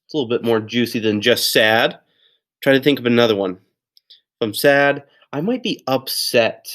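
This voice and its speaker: A man's voice: medium pitch, expressive, a little fast, a bit bright. Male teacher, young adult, cheerful recorded lesson for second graders. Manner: upbeat, encouraging, with playful exclamations.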